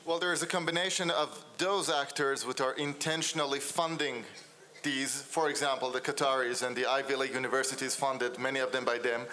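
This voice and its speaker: A man's voice: mid-range voice, fairly even intonation, brisk, bright, forceful tone. A man answering on a conference panel in an articulate, explanatory way.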